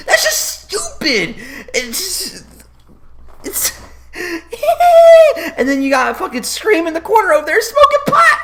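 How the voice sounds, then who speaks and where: A man with a high, sharply bright voice tears into a film in a comedic rant. He swears constantly and sounds exasperated. He is drinking whiskey as he talks. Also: vocal fry. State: drinking whiskey while recording. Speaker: movie reviewer. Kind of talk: profane comedic movie-review rant.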